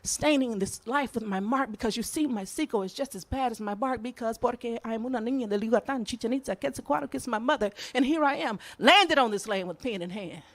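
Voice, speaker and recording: A woman's voice: on the high side, brisk, few pauses. A woman performing spoken word poetry in a rhythmic delivery that switches between English and Spanish. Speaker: slam poet.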